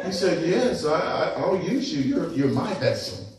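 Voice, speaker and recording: A middle-aged man preaching a sermon as a pastor, telling a personal story in a lively, conversational way and laughing as he goes. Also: fairly high pitch, unhurried, a little hiss or hum. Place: church sanctuary. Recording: echoey church sanctuary from a distance.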